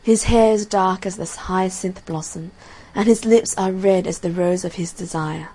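A woman's voice: lowish voice, moderate pace, mellow, close to an everyday voice, low-quality recording. A woman reading aloud and voicing a devoted female nightingale in an earnest, raised storybook tone. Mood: longing.

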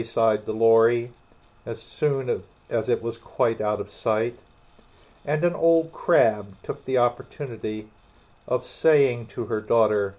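A man narrating a storybook in a slow, expressive reading. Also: medium pitch. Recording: dull lo-fi recording.

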